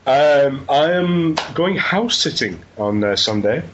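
A man's voice: medium pitch, lively intonation, slow. A man chatting on a podcast, playful and prone to giggling. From Burnley, England. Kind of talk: casual chat on a podcast. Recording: dull lo-fi sound with faint noise.

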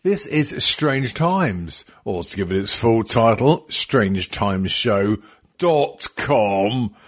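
A man's voice: lowish voice, expressive, slow pace. A man hosting a podcast, joking and swearing, tired, with lots of ums. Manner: swearing, joking, rambling with many fillers. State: tired and yawning. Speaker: podcast host. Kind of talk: crude casual podcast chat.

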